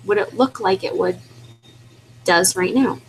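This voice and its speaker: Pleading earnestly and exhorting her team again and again, a woman who leads independent distributors hosts a casual, filler-laden motivational webinar. Her medium-pitched voice keeps a measured pace. The rough recording has a little hiss or hum.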